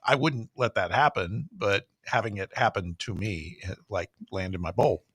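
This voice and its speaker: A man's voice: fairly low pitch, moderate pace, fairly bright tone, breathy edge, no echo. A man co-hosting a sports talk show, talking in casual banter with hesitant restarts. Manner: hesitant, lots of restarts, laughs easily. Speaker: sports radio co-host.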